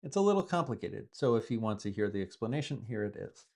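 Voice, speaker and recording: A man's voice: on the low side, big pitch swings, fast talker, darkish tone. A man teaching English, explaining word use patiently with repeated examples as a native speaker. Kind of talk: explaining vocabulary from the news.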